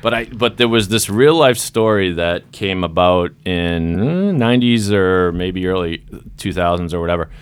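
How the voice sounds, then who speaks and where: A man hosting a podcast, telling a story in a casual, animated way and acting out the scenes. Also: sits low, normal speed, clear, resonant tone. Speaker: podcast host.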